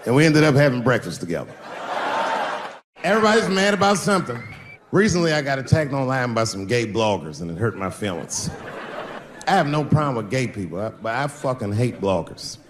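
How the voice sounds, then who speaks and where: On stage before a live audience, a man performs stand-up, telling animated stories and acting out other people's voices. His medium-pitched voice moves fairly quickly, with a long reverb tail and some background noise.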